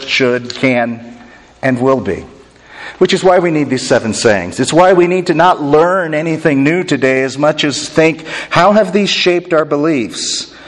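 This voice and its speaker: A man preaching a sermon as pastor, earnest and building his points through rhythmic lists and repeated phrases. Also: a little high. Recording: long hall reverb.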